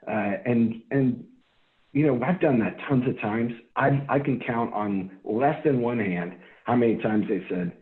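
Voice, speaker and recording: A man's voice: mid-range voice, measured pace. A man talking earnestly as a guest in a casual interview. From Ohio. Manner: earnest, animated when acting out phone calls. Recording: tinny phone-like line.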